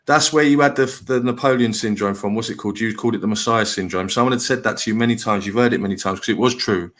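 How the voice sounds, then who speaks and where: A man's voice: fairly low pitch, fast, fairly bright tone. Man, middle-aged, live panel host, blunt, lecturing, repetitive. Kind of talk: heated live panel chat.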